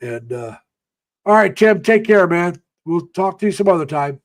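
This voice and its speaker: A man's voice: high-pitched, expressive, normal speed. An older man hosting a casual live stream, telling rambling, folksy stories about the past and greeting viewers by name. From United States.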